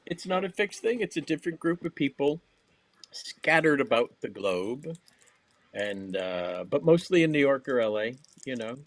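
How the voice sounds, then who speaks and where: A man's voice: mid-range voice, very animated, moderate pace, dry recording. A man in casual comedy chat on a podcast, laid-back and rambling, sometimes acting out quotes. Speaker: comedy guest.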